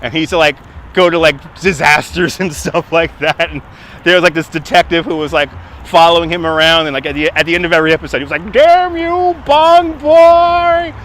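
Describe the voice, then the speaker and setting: A man's voice: on the high side, fairly even intonation, quick pace, pushed and bright, slight background noise. A man with a Brooklyn accent hosting a casual live stream on a city waterfront, chatting, laughing often and thanking donors, recorded on a phone on a gimbal. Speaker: livestream host.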